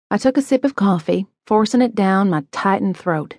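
A woman narrating a first-person audiobook story in a measured, inward way. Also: medium pitch, animated, darkish tone, no echo, studio quality.

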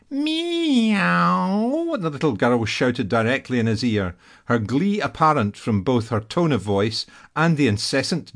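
A man reading an audiobook as narrator in a measured, storytelling style. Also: medium pitch. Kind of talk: scripted narration.

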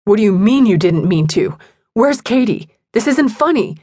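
A woman voicing a distraught young man who yells in disbelief in an audiobook. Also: sits high, animated, moderate pace, dry recording, studio quality. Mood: upset, demanding. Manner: shouting, demanding.

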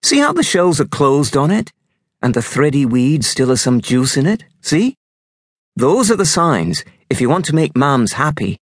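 A man's voice: on the high side, big pitch swings, normal speed, dry recording, studio quality, voice pushed up. A man doing an eager young lad. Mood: coaxing. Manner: earnest, coaxing.

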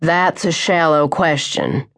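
A stern, patient middle-aged father, voiced by a woman narrator, speaking slowly and firmly. His voice sits a little lower than hers. It is a calm, close storybook reading. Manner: measured, firm.

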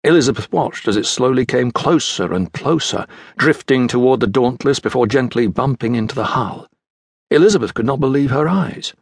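A man narrating a children's adventure audiobook in a measured storytelling delivery. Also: mid-range voice, lively intonation, breathy edge, no echo, studio quality. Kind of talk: scripted narration.

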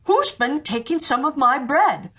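A woman voicing seven little male dwarf miners, kindly and fussy, in high squeaky put-on voices. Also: animated, a little slow, pushed and bright, exaggerated voice. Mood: indignant.

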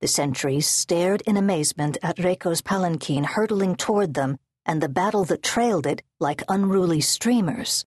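This audiobook narrator reads scripted material with steady, measured storytelling in a low, husky voice. The close-miked studio recording is clean, with no room sound.

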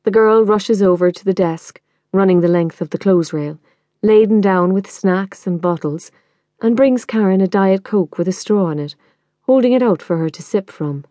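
A woman reading a novel in the first person, measured and intimate. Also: medium pitch, mellow, no echo, studio quality. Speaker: audiobook narrator.

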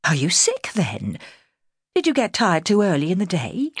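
Woman reading old farm wife, sixties, brisk country talk, lively pitch, husky. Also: no room sound, clean studio sound, full character voice. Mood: concerned. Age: 60s. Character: fussing elderly farmer's wife, brisk and kindly.

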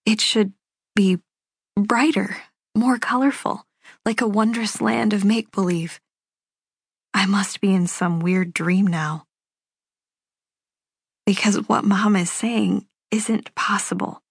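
A woman reading a first-person novel aloud as an audiobook, in a measured, unhurried telling. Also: medium pitch, vocal fry, husky, dry recording, clean studio sound. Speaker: audiobook narrator.

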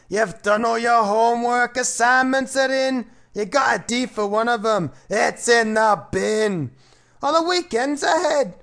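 A man doing a hammy storyteller with a put-on Scottish brogue, pitched high and taking his time. He reads a comic rhyming children's story in a playful, exaggerated way. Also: fairly bright tone, exaggerated voice.

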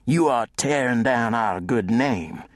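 A man's voice: mid-range voice, lively intonation, takes it slowly, no echo, clean studio sound, voice pushed up. A man voicing a big, bullying brawler who threatens in a hard voice. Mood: menacing. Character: big menacing brawler man, local watchman.

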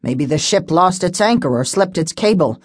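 A woman voicing an old, superstitious male harbor pilot who talks gruffly and mutters. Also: fairly low pitch, lively intonation, normal speed, no room sound, clean studio sound.

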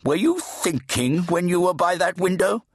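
A man's voice: high-pitched, normal speed, slightly rough, dry recording, studio quality, voice pushed up. A man voicing a fat, bullying male monk who runs a kitchen, barking questions in an audiobook reading. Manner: barking, shouting interrogation. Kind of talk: audiobook character voice.

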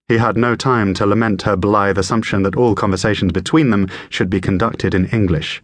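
A man reading a thriller audiobook aloud in a measured, even storytelling manner. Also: lowish voice, no echo. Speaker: audiobook narrator. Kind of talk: scripted narration.

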